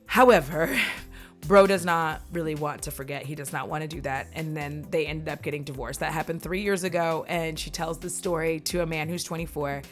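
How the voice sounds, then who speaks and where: A woman's voice: sits low, fairly even intonation, normal speed, faint music behind. A young woman recapping a movie in a casual, rambling chat, swearing and wandering off on tangents.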